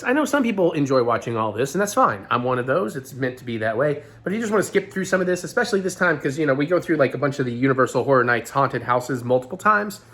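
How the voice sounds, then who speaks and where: Fast-talking hoarse man vlogging. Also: fairly high pitch, fairly bright tone. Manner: rambling, talkative, self-deprecating asides. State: hoarse, gravelly voice. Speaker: vlog host. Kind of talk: casual vlog chat.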